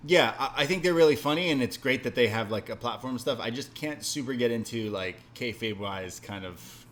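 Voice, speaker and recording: Male podcast co-host, mid-pitched, casual recap delivery with playful bits, light hiss behind. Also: a little fast. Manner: animated, acts out wrestlers' lines in exaggerated voices.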